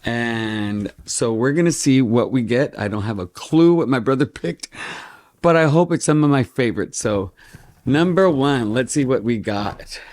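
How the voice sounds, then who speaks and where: A man's voice: mid-range voice, expressive, unhurried, a little mellow. A middle-aged man hosting his own tarot channel, chatting casually and with self-mocking, playful melodrama. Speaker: tarot vlogger, channel host. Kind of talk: casual vlog chat.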